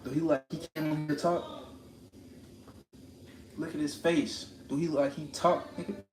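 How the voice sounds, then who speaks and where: A man's voice: on the high side, moderate pace, loud music behind the voice. Man ranting into a roomy live stream. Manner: confrontational, preachy, repeats lines for emphasis. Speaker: livestreamer. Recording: roomy echo with steady background noise.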